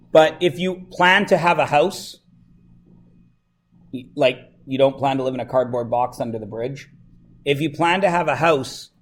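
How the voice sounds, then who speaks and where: Chatty, joking male math teacher. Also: mid-range voice. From Canada. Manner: chatty and joking with the students, asks lots of questions. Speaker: high school math teacher. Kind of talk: classroom lesson. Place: classroom.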